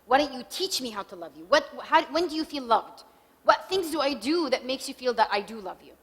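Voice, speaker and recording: A woman's voice: sits high, expressive, fairly bright tone, husky. Woman lecturing in an echoing hall. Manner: conversational, acts out spouses' lines in quick examples. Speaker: speaker giving a talk. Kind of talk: marriage workshop talk. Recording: reverberant hall recording.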